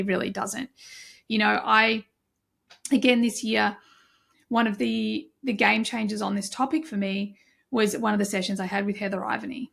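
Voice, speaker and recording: A woman's voice: on the high side, vocal fry, fairly bright tone. A middle-aged woman hosting a solo podcast, talking earnestly and reflectively with frequent restarts. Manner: earnest, reflective, with many restarts and self-talk asides. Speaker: podcast host.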